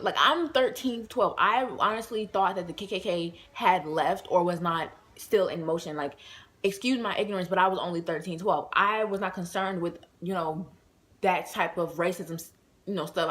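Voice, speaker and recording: A woman with a voice a little on the low side tells a storytime vlog to her viewers. She talks loosely and casually, packing her sentences with fillers and calling out to y'all. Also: a bit bright. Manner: chatty, many fillers, addresses viewers as y'all. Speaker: vlogger.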